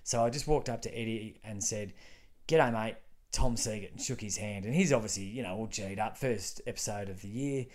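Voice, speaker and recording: An Australian man, a comedian, telling a long anecdote in casual chat, animated and full of restarts. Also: fairly low pitch, fairly quick, few pauses. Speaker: comedian guest.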